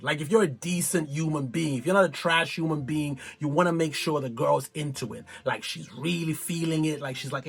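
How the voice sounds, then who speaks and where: A man hosting a reality TV recap in animated, slangy casual commentary, laughing often. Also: fairly high pitch, creaky, slightly rough.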